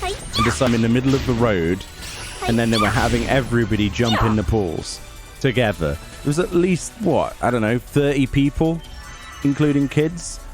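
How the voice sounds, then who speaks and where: Sarcastic and grumbling, a male gaming YouTuber talks casually over his gameplay at a normal speed. His medium pitch carries lively intonation, and game music sits under the recording.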